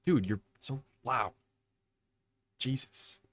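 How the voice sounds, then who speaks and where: A man's voice: medium pitch, slow pace, fairly bright tone. A young man co-hosting a casual podcast, wry and teasing. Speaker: podcast co-host. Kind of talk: casual chat.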